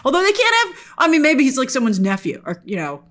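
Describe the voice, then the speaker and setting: A woman hosting an online show, giving a casual spoken review with animated, exasperated energy and asking the viewers questions. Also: high-pitched, fast talker. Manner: animated and exasperated, often mock-quoting characters; talks directly to the viewers with questions.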